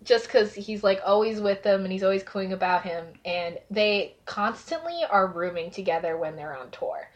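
A woman chatting casually as a podcast co-host, talking fast with lots of filler words. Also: medium pitch, animated. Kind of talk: casual fan chat.

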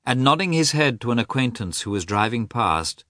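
A man narrating a novel aloud as an audiobook reader, with expressive storytelling. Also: medium pitch, moderate pace, no room sound, clean studio sound. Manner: expressive storytelling, varied delivery. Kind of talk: scripted narration.

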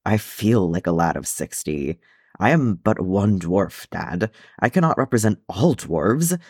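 A weary dwarf son, grumbling and sighing as he gives in to his father, as a man reading a story plays him. The voice sits low and moves about a lot in pitch. The recording is close and dry. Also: very animated, a little slow, darkish tone, no room sound, heavily acted.

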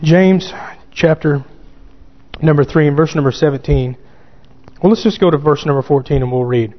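Male pastor, fairly high-pitched, preaching with emphatic calls; muffled recording in a reverberant hall. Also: moderate pace, long pauses. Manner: reads scripture aloud in King James wording. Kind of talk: sermon. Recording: dull sound with long hall reverb.

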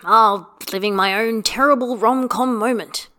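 A woman voicing a gentle young male wizard who talks with wry, joking levity. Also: medium pitch, moderate pace, natural voice.

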